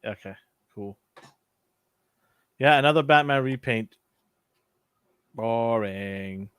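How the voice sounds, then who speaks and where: A man's voice: medium pitch, normal speed, fairly bright tone, no room sound, clean studio sound. A man co-hosting a casual podcast chat, teasing and laughing often. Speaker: podcast co-host.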